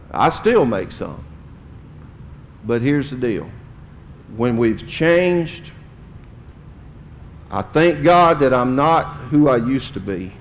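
A middle-aged man preaching a sermon to his congregation, speaking emphatically and swelling louder and higher on key points. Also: a little hiss or hum. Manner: addresses the congregation directly. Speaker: pastor. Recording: long hall reverb.

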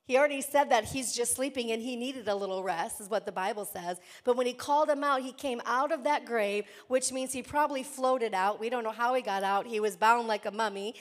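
Woman pastor preaching with dramatic swings. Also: fairly high pitch. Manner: preaching with dramatic swings from loud declarations to hushed, slow emphasis; repeats key lines for emphasis. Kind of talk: sermon.

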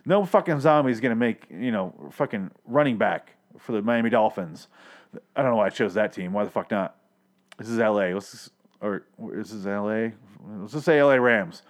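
A Los Angeles podcast host recaps a TV episode in a rambling, sarcastic, profane monologue full of self-corrections. His voice is on the low side and moves at a normal speed.

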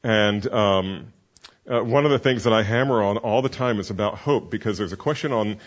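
A man's voice: fairly low pitch, moderate pace, lo-fi sound. A man who is a pastor and counseling mentor, teaching a class in an earnest, conversational way with many fillers.

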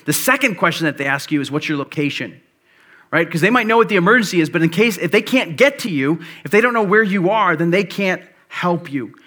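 A man's voice: high voice, lively intonation, quick pace, few pauses, sharp tone. A man in his thirties, a pastor preaching a sermon in a loose, conversational way, telling stories with plenty of fillers. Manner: conversational storytelling with many fillers.

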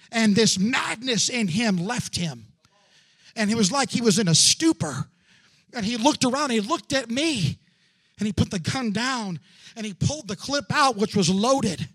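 A man in his forties preaching a dramatic testimony, moving between hushed storytelling and loud fervor with drawn-out "uh" fillers. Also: very high-pitched, lively intonation, breathy edge. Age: 40s. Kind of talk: sermon testimony.

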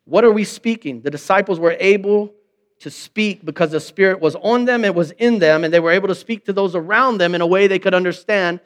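High-voiced pastor preaching conversationally. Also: male voice, brisk. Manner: conversational preaching with rhetorical questions; acts out quoted remarks in mock voices. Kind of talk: sermon.

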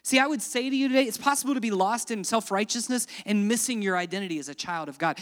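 A man preaching a sermon, swinging dramatically between loud emphatic lines and hushed, quiet ones. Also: high voice, fast, hardly any pauses, big-room sound. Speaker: pastor.

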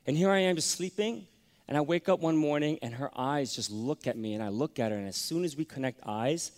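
A man preaching a sermon, telling a personal story that swings from hushed to loud. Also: on the high side, a little fast. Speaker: pastor. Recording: long hall reverb.

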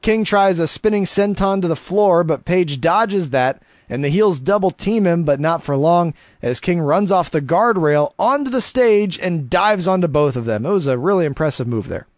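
Podcast co-host, male, fairly high voice, lively recap chatter, dry booth sound. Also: moderate pace, few pauses, no room sound. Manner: animated, laughs often, acts out wrestlers' shouts. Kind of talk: casual wrestling recap chat.

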